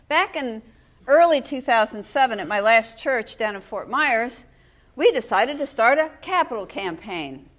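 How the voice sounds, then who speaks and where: A woman's voice: fairly high pitch, fairly bright tone. An older woman pastor delivering a sermon in a storytelling way, with wry humor.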